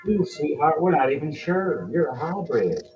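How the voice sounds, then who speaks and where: A man's voice: fairly high pitch, very animated, moderate pace, dull audio, music in the background, voice pushed up. A man voicing a bossy, brash female pirate captain who barks orders and teases the crew in a tabletop game. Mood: teasing. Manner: barking orders, teasing.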